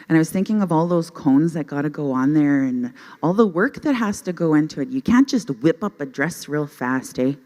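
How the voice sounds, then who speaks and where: Before a live audience at a youth conference, a middle-aged woman from Canada performs stand-up storytelling, poking fun at herself and often laughing at her own jokes into a handheld microphone. She has a deep, dark voice with lively intonation at normal speed.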